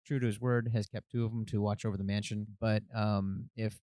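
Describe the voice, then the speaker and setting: Smooth-voiced relaxed man as game master. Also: lowish voice, a little fast, no echo. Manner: relaxed, chatty, with many fillers. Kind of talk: narrating a tabletop game.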